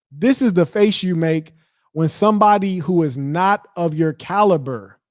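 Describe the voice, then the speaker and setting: Male livestream host, combative trash talk, slightly high voice, dry close mic. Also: no room sound. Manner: confrontational, trash-talking, slangy. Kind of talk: heated livestream commentary.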